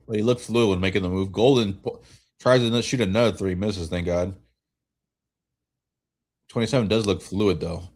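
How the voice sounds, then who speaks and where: A man streaming a watch-along, giving relaxed fan play-by-play while tired and yawning, often restarting his sentences. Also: lowish voice, moderate pace, long pauses. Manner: relaxed, rambling calls with frequent self-corrections. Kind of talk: casual fan play-by-play commentary.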